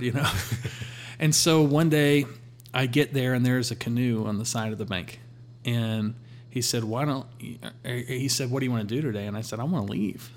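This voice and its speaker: A man sharing a personal faith testimony in a relaxed conversational way, acting out his talks with God. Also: mid-range voice, slight background noise. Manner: storytelling, quotes God in a calm voice.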